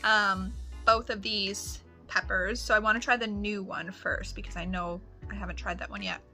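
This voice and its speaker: A woman's voice: medium pitch, steady tone, normal speed, pushed and bright, soft background music. A woman vlogging casually at home, chatting cheerfully while she cooks. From Canada. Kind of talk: casual chat.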